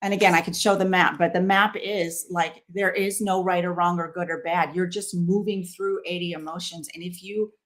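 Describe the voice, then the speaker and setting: Lower-pitched woman, animated podcast guest. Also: normal speed, hardly any pauses. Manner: animated, lists examples and acts out quotes. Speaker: guest, company founder. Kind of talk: podcast conversation.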